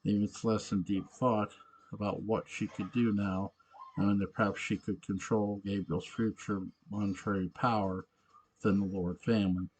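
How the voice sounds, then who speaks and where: A man reading a story aloud, halting and often correcting himself mid-sentence. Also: on the low side, flat delivery, a little mellow, a little hiss or hum. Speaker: narrator.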